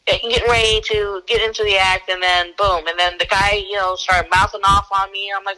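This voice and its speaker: A woman guest telling an animated story in conversation, acting out the people she quotes with sudden jumps in pitch. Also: moderate pace, few pauses, soft background music, poor audio. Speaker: guest, former bounty hunter.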